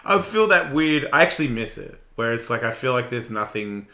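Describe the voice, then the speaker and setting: A man in his forties hosting a radio show, talking in a casual, blunt, profane and animated way. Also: mid-range voice, a little fast. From Australia. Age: 40s. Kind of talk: casual chat.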